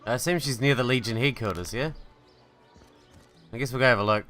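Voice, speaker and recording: Bright-voiced man joking over gameplay. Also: mid-range voice, brisk, faint music behind. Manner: profane, joking. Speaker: gaming channel host. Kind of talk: casual gameplay commentary.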